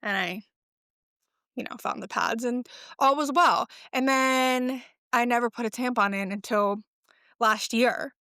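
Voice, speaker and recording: A woman's voice: on the high side, a little slow, bright, forceful tone, clean tone, no echo, studio quality. A pregnant woman in her late twenties hosting a podcast, talking casually and swearing often, with lots of "like" fillers. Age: 20s. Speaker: podcast host. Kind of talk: casual solo chat.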